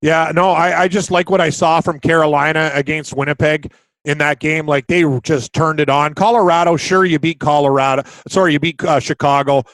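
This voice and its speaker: An excitable man co-hosts a sports betting podcast, loose and blunt, with casual swearing. His voice sits a little high. The sound is dry and close, with no room around it. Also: a little fast, no echo, low-quality recording. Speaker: podcast co-host, betting analyst.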